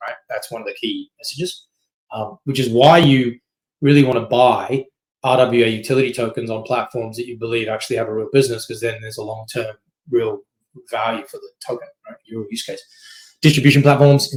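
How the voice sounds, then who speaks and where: A man's voice: medium pitch, poor audio. A man presenting as a company chief, talking casually and loosely, with many fillers, restarts, and a frequent "right?". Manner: quick, loose, filler-heavy, keeps asking "right?". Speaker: company CEO giving a masterclass.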